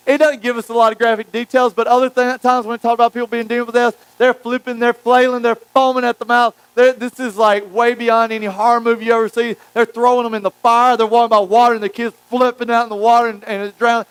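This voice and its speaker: A preacher tells the story with animated, acted-out lines. His voice sits high and rings smooth and clear. The sound is close and dry. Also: fast talker, no echo, low-quality recording. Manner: animated storytelling, acting out quotes. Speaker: pastor. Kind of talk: sermon.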